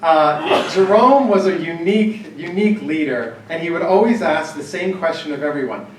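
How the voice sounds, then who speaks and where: A man with a fairly high voice speaks to a gathered group in a relaxed, anecdotal way, often pausing on fillers and restarting his sentences. He sounds set back from the mic, and the hall's echo hangs around his words. A faint room ambience runs underneath. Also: background noise. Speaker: workshop speaker on church planning. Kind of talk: storytelling talk to a live group. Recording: echoey hall, distant mic, faint ambience.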